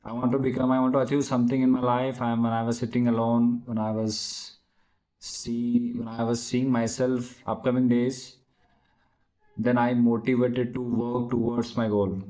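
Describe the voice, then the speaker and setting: A man practicing spoken English in conversation, halting and searching for words, with many restarts. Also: medium pitch, little pitch movement, mellow, poor audio. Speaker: English learner practicing speaking.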